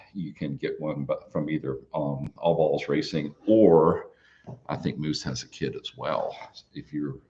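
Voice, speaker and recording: Male host, very low voice, easygoing live Q&A chat, muffled lo-fi sound. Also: a little hiss or hum. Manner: relaxed, folksy, lots of fillers and restarts. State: out of breath. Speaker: parts company host answering viewer questions. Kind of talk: casual live Q&A. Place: small studio.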